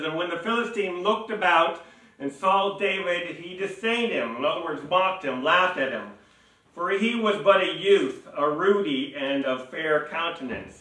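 A man preaching a sermon as pastor, animated and laughing, acting out mocking voices as he reads. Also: high voice. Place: church sanctuary. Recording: echoey church hall, mic at a distance.

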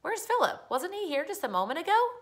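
A woman's voice: extremely high pitch, big pitch swings, fast talker, voice pushed up. A woman reading a storybook aloud and voicing a puzzled, matter-of-fact father.

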